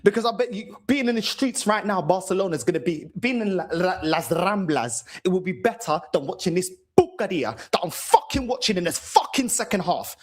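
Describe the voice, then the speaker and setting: A husky-voiced man unloads an angry post-match rant, swearing freely and jumping between two languages. His pitch swings widely as he vents. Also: very animated, fairly quick, few pauses. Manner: furious, swearing, switching between Portuguese and English. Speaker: fan channel host.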